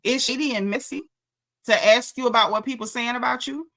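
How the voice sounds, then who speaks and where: A woman's voice: a little high, steady tone, brisk, gravelly. A woman giving a sassy, slangy recap of a reality show episode, gossiping and calling out the cast.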